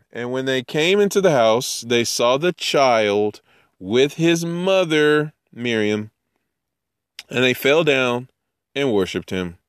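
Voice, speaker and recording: A man teaching scripture in a casual way, reading verses slowly and then joking about them in playful voices. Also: mid-range voice, no echo, clean studio sound. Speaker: Bible teacher.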